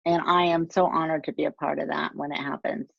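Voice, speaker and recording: Middle-aged woman, encouraging coach guest, lowish voice, dull dry video-call sound. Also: level tone, fairly quick, creaky, dry recording. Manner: encouraging, earnest. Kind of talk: casual interview chat.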